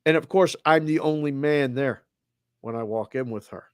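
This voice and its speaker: A man with a Boston accent co-hosting a casual sports show, telling an animated story over a video call and acting out both sides of the conversation. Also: mid-range voice, normal speed, clean tone, no room sound, clean studio sound. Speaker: co-host of a sports betting show. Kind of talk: casual chat.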